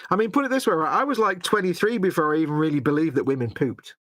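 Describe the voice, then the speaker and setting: A well-spoken English man with a faint Manchester accent, talking quickly in casual banter. He turns jokes on himself with easy, rapid patter. The sound is close and dry. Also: a little high, a bit bright, no room sound. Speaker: co-host. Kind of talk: casual late-night chat.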